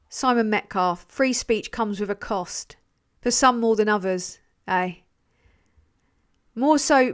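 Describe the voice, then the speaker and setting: A woman hosting a livestream. She chats casually, swears and jokes at her own expense while reading donations. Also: medium pitch. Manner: chatty, sweary, self-deprecating. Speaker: livestream host.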